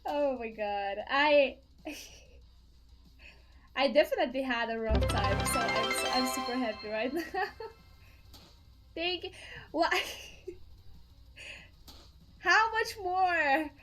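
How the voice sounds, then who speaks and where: Faint game music hums under a woman streamer chatting live. Her high voice moves slowly along a bouncy, swooping line as she giggles and pours out thanks to her audience.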